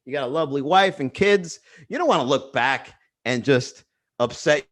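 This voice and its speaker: A man's voice: medium pitch, expressive, normal speed, a bit bright. A man hosting a casual comedy livestream, riffing profanely and acting out other people's voices.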